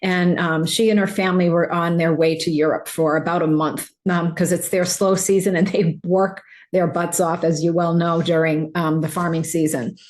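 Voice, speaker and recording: A woman's voice: on the low side, level tone, moderate pace, hardly any pauses, darkish tone. A woman nutrition coach, talking casually over slides, rambling with many fillers and restarts.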